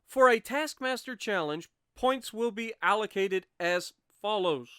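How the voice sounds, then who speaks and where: Smooth-voiced man reading game rules. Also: high-pitched, lively intonation, measured pace, sharp tone, dry recording, studio quality. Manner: reads aloud steadily, with wry asides and self-corrections. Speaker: gaming channel host.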